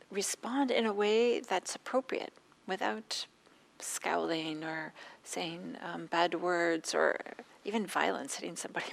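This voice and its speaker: A woman meditation teacher giving a dharma talk, speaking gently with pauses and a slightly scratchy throat. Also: on the low side, gravelly. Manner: gentle, soft-spoken with frequent pauses and fillers.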